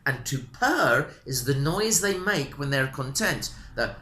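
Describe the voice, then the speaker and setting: A man teaching a beginner language lesson, speaking slowly with a lot of repetition and animated intonation. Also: medium pitch, very noisy. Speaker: English teacher. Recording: roomy echo.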